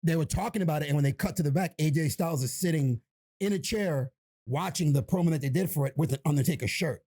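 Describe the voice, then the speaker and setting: Man with a mellow, slightly high voice. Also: quick pace, slightly rough. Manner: relaxed, agreeable, casually profane. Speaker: podcast co-host. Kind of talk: casual podcast chat.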